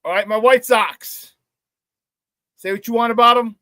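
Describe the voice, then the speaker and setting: A man hosting a casual sports talk show, telling stories excitedly with many restarts and repeated words. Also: very high voice, moderate pace, dry recording.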